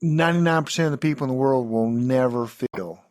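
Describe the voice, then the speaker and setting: A man's voice: medium pitch, a little fast, darkish tone, no echo, clean studio sound, faint music behind. A man hosting a podcast, talking casually and folksily, rambling with many fillers and restarts. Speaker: podcast host.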